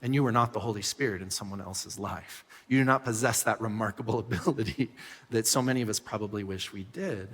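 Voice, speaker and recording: A man preaching a sermon as pastor, telling stories with animated swings from loud bursts to soft asides. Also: lowish voice, fairly quick, breathy edge, in a large hall. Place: church hall.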